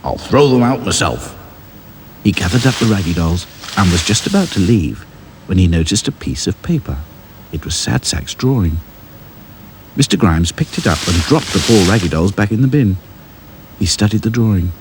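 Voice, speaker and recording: A man narrating a children's storybook in a lively, sing-song way. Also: deep voice, normal speed, noisy background. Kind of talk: storybook reading.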